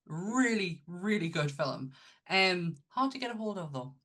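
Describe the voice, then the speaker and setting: Low-voiced enthusiastic woman co-host. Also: expressive, unhurried, fairly bright tone. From Northern England. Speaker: podcast co-host. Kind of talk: casual chat.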